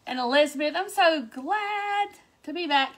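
A cheerful woman hosts a live craft stream. Her voice sits notably high, and her blocked sinuses give it a stuffy, congested sound. She chats in a bubbly, excitable way and greets her viewers by name. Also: measured pace. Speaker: craft livestream host. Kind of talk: casual livestream chat greeting viewers.

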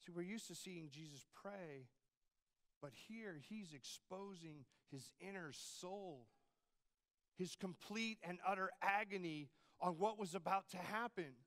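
A man's voice: high voice, unhurried, fairly bright tone. A man preaching a sermon as campus pastor, in a conversational style with frequent rhetorical asides to the congregation.

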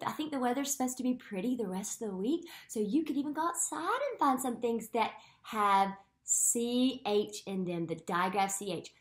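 Lively, slow-talking woman teaching phonics. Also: high-pitched, echoey room. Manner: animated and encouraging, questions to the viewer. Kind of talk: phonics lesson for young children. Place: at home.

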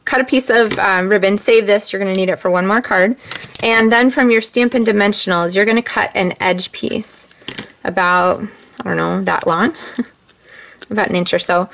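A woman demonstrating a card-making craft step by step, chatty and relaxed, with frequent ums. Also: medium pitch, creaky. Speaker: stamping demonstrator. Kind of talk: casual craft tutorial.

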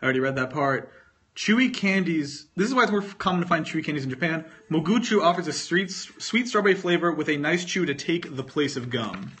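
A man from North Carolina, US, chats casually on a livestream while eating candy, recorded on a phone. His voice is a little high, animated, quick and somewhat bright as he rambles, mocks himself, swears freely and talks with his mouth full.

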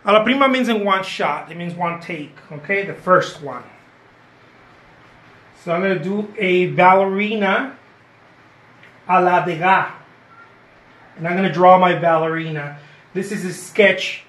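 Guy with a highish voice chatting thru a painting demo, keeps saying okay, echoey studio. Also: a little slow, long pauses, a bit bright. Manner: chatty, encouraging, repeats phrases, says "okay?" often. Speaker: painter giving a live demo. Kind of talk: live painting lesson. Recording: roomy echo.

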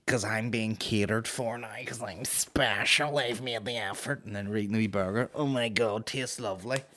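Sweary Northern Irish man, low voice. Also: moderate pace. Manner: sweary, blunt, animated storytelling. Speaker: podcast host and stand-up comedian. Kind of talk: casual comedic chat, reading listener questions.

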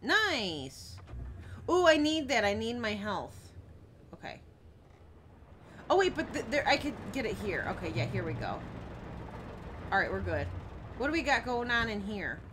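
A woman's voice: medium pitch, big pitch swings, measured pace, pauses often, a bit bright, slight background noise. Young woman streaming a scary game, chats w viewers, jumpy, voice goes all over. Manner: jumpy, chatty, talks to viewers and yelps at scares. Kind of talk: live gameplay commentary.

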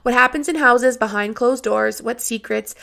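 A woman voicing a sharp-tongued older neighbor woman who speaks in a measured, dry and blunt way. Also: a little high, creaky. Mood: grave.

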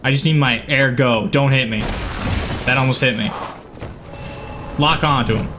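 A man giving gameplay commentary, excitable, yelping and swearing at the game. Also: mid-range voice, normal speed, over music. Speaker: gaming channel host.

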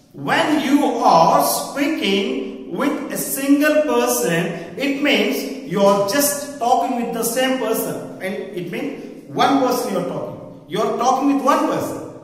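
A male school teacher with a Telugu accent explaining English grammar to a class, slowly and repetitively, often checking "right?". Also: very high voice. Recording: distant, echoey classroom with long reverb.

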